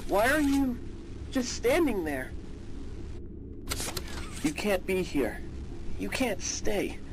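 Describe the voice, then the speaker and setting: Bossy cartoon dog, warning tone, noisy track. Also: female voice, medium pitch, sing-song, takes it slowly. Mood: stern. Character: commanding toy dog, stern. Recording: noisy recording.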